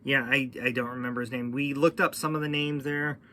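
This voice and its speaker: A man's voice: mid-range voice, steady tone, fairly quick, bright, forceful tone, a little hiss or hum. A man hosting a casual racing podcast, talking in a rambling way with many fillers and restarts. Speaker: podcast host.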